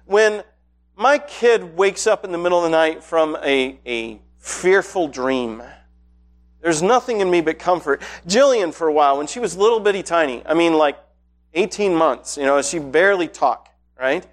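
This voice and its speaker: High-voiced man preaching conversationally. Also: normal speed. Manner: conversational, storytelling with rising excitement. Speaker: pastor. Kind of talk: sermon. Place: church hall with congregation.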